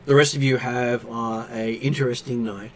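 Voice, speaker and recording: A man's voice: medium pitch, steady tone, moderate pace. Filler-heavy male game master. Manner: hesitant, filler-heavy narration. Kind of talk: narrating a tabletop game.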